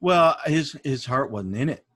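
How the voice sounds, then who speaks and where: A man co-hosting a podcast, talking earnestly and haltingly in casual chat. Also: mid-range voice, animated, fairly bright tone, no echo. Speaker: podcast co-host.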